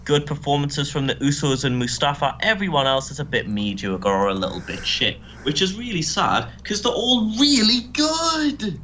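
A man rattles through a casual gaming commentary with sarcastic, sweary banter. His voice is bright and sits a little high, and it swings animatedly. A faint hiss sits behind it. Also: animated, a little fast, few pauses. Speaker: co-host.

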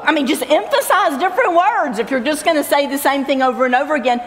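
A woman's voice: sits high, lively intonation, quick pace. Middle-aged woman, camp speaker, earnest testimony, reverberant hall. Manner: earnest, repeats phrases for emphasis. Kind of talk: personal faith testimony.

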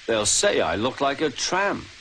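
A man's voice: medium pitch, very animated, unhurried, pitched above the performer's own voice, low-quality recording. A man voicing a cheerful, polite young male tank engine, sounding eager and a little plaintive, with music behind. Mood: worried.

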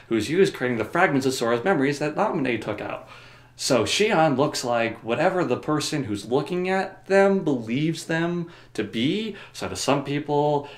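A man's voice: medium pitch, echoey room. A man summarizing a video game story for comedy, rambling with joking, sarcastic asides. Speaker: video host.

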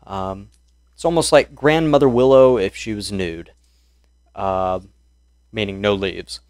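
A man's voice: lowish voice, measured pace, a little mellow, smooth, dry recording. Dry-voiced male game master. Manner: descriptive, loose, with many ums and uhs. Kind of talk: narrating a tabletop horror game.

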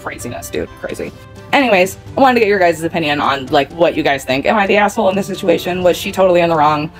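Woman vlogger, rambling and heated, fast talker, faint music under her. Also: lowish voice, lively intonation. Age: adult parent of a nine-year-old. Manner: heated, rambling, peppered with "like" and swearing. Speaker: channel host telling a personal story. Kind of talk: casual storytime monologue.

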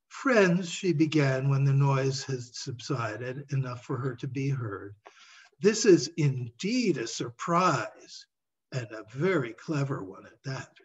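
A man reading his own story aloud in a measured, expressive way. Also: fairly high pitch, breathy edge, highs cut off. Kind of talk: storybook read-aloud narration.

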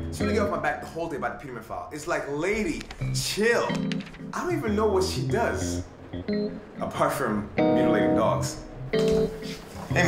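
Brief: young male actor, mooching, theatrical flatmate; lively rambling delivery, raised pitch, roomy mix with music. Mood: chatty. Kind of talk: short film acting. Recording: roomy sound with music behind.

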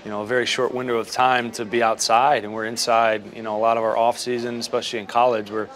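A man's voice: mid-range voice, level tone, fairly bright tone. A young man from Western Massachusetts, a baseball player chatting casually over breakfast in a restaurant, easygoing and agreeable. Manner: easygoing, agreeable, quick to say yeah. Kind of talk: casual chat.

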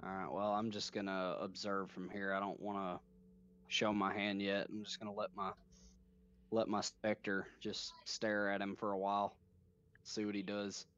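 Low-voiced man playing a tabletop game. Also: monotone, normal speed, fairly bright tone, slight background noise. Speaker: player. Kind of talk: tabletop role-play. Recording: dull lo-fi mic.

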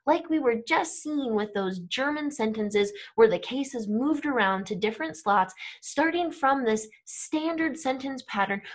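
A young woman teaching a grammar lesson to camera, explaining patiently and checking in with frequent "right?" and "okay?". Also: on the high side. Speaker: language teacher.

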